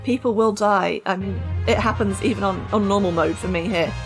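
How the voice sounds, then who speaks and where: A woman's voice: mid-range voice, fairly quick, music in the background. A woman streaming a game live, chatting casually and answering her viewers. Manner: chatty, animated, reads and answers chat.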